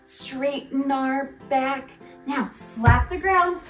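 A woman's voice: high-pitched, drawn-out words, a bit bright. A woman teaching a family yoga flow, cheerful and encouraging, singing some of her cues. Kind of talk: guided kids' yoga with singing. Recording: roomy, mic at a distance, music underneath.

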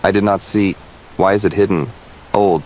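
Give me a synthetic man playing a gruff, low-voiced grumpy villager. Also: steady tone, normal speed, noisy background, lightly acted. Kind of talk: AI-voiced game dialogue.

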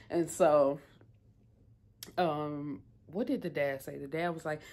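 Woman vlogger reviewing an episode, low-pitched, loose and talkative, rambles with fillers. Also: a little mellow, slight background noise. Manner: chatty, rambling, many fillers. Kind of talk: casual episode recap.

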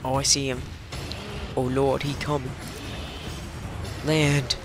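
A man commentating his own gameplay, swinging between muttered complaints and panicked, swearing yells. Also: mid-range voice, level tone, slow. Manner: panicky, yelling, swearing outbursts. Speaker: let's play gamer. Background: game music.

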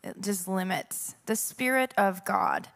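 A woman's voice: mid-range voice, measured pace, gravelly, fairly bright tone. A woman worship leader speaking earnestly about the Holy Spirit, reflective and searching for words.

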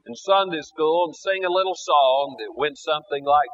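A male preacher telling a story in a sermon at a church, slow and deliberate with dramatic pauses, on a dull lo-fi recording. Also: a little high.

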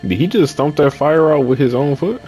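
A man's voice: a little high, normal speed, warm tone, faint music behind. A young man giving casual, slangy commentary while playing a video game, talking back to the characters on screen. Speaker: gaming YouTuber.

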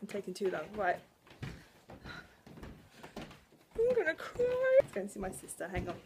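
A woman's voice: on the low side, fairly even intonation, very fast, mellow, a little hiss or hum. A woman in her twenties vlogging at home in a chatty, emotional way, laughing and sighing between thoughts. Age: 20s. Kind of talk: casual vlog to camera. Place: at home indoors.

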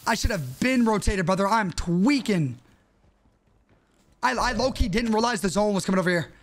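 A young man streaming a shooter game live, excitable and trash-talking in slangy chatter. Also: high voice, moderate pace, a little hiss or hum. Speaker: gaming streamer.

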